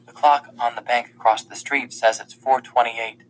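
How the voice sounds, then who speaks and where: A man's voice: medium pitch, steady tone, moderate pace, hardly any pauses, fairly bright tone, a little hiss or hum, rough recording. A man reading a novel aloud in the first person, in a plain conversational storytelling manner. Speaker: audiobook narrator.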